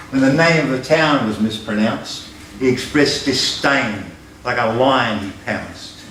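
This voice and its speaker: An older Australian man recites rhythmic verse at a folk club, landing low and firm on each refrain. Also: slight background noise. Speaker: folk performer. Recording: roomy, distant live recording.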